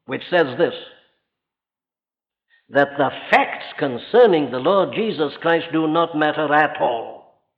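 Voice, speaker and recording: Emphatic preacher in a reverberant hall. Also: male voice, a little high. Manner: emphatic and rhetorical, with sudden rises and drops. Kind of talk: sermon. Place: church or large hall. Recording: dull lo-fi recording with long hall reverb.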